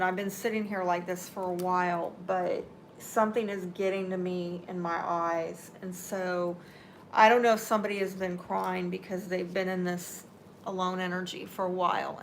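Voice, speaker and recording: A woman's voice: on the low side, little pitch movement, moderate pace, vocal fry, a little hiss or hum. A woman giving a live tarot reading, talking unhurriedly and reassuringly straight to the viewer, with teary eyes. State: teary-eyed. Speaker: tarot reader.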